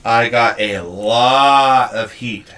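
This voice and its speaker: A man's voice: mid-range voice, very slow, pushed and bright, recorded from a distance, slight background noise. A man co-hosting a casual wrestling podcast, posing questions and often repeating words as he starts a point. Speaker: podcast co-host.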